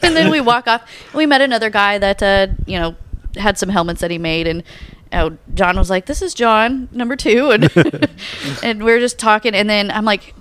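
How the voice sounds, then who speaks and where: A woman excitedly telling a story in casual chat, laughing often and acting out what people said. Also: mid-range voice, normal speed, smooth.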